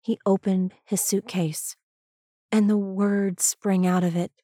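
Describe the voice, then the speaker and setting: Female storyteller: unhurried, even narration, dry close mic. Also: mid-range voice, breathy edge, dry recording. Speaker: reader. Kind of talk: scripted narration.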